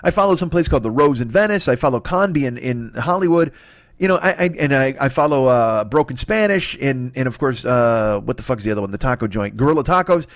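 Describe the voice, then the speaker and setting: A man's voice: medium pitch, animated, fast talker, no echo, clean studio sound. A man doing a solo comedy podcast rant, profane and exasperated. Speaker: comedian host.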